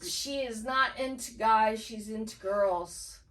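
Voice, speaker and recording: Woman, podcast co-host, casual chat, emphatic, fairly high voice, distant mic. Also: slow, a bit bright. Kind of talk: casual book club chat.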